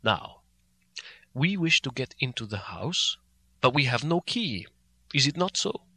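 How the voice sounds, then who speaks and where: Old foreign professor, read by a man; earnest, bright-toned, persuasive. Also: medium pitch, big pitch swings, a little slow, slightly rough, no room sound, full character voice. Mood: gentle. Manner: earnest, reasoning, broken formal phrasing.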